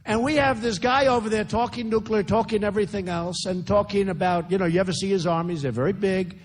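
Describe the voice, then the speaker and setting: A man's voice: sits high, fast. An older man with a New York accent, delivering a campaign speech at a large rally with repetitive, boastful phrasing and chatty asides to the crowd. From United States. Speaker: candidate speaking at a rally. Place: large indoor rally venue.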